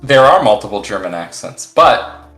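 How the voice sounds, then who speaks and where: Guy chatting on stream, bouncy pitch, roomy echo, bit of music behind. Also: sing-song, moderate pace, fairly bright tone. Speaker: guest on stream. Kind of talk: casual chat.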